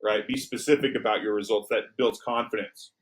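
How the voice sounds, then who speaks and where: A man's voice: lowish voice, steady tone, brisk, rough recording. A man giving a staff training talk as a corporate trainer, coaching and acting out sample client exchanges, checking in with "okay?" and "right?".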